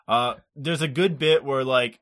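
A man in his own easygoing podcast chat, retelling cartoon scenes with frequent laughter and the odd curse. His voice sits at an ordinary middle pitch, and his delivery is loose and lively. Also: unhurried. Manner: laughs often, animated, swears casually. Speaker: podcast co-host. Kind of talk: casual chat recapping an anime.

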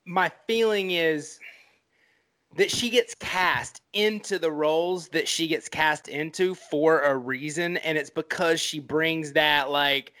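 Enthusiastic male co-host, rambling, bright and tense-edged, fairly high. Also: slow. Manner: rambling, filler-heavy, enthusiastic. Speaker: podcast co-host. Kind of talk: casual film podcast chat.

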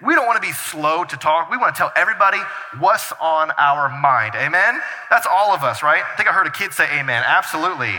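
A man preaching a sermon as pastor, energetic and full of rhetorical questions to the congregation. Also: a little high, brisk, hardly any pauses. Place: church hall. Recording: reverberant church hall.

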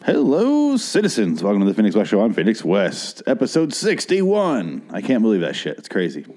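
A man's voice: sits low, expressive, quick pace, darkish tone. A man in his thirties hosting a podcast on his own, talking at length in a rambling, profane and self-mocking way. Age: 30s. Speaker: podcast host. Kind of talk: casual solo podcast monologue. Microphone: studio mic through a mixer.

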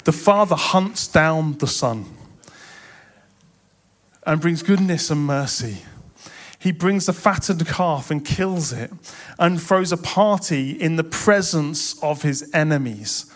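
A man's voice: a little high, animated, unhurried. A young man preaching a sermon in a church, impassioned and building to emphatic swells.

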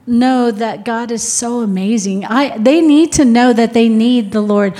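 A woman's voice: on the high side, measured pace, few pauses. A middle-aged woman giving a sermon to a women's group, switching between emphatic exhortation and chatty storytelling with laughs. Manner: emphatic, rising to near-shouts on exhortations. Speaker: women's ministry speaker.

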